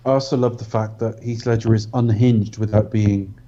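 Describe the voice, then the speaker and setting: A man co-hosting a film review podcast, talking in a measured, analytical way. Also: on the low side, flat delivery, warm tone. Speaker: podcast co-host. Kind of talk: casual film review chat. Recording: dull lo-fi audio.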